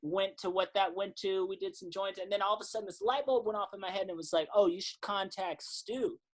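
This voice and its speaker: Animated man telling stories. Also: high voice, brisk. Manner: animated storyteller, acts out quotes, swears casually. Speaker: podcast guest, singer-songwriter. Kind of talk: casual storytelling interview.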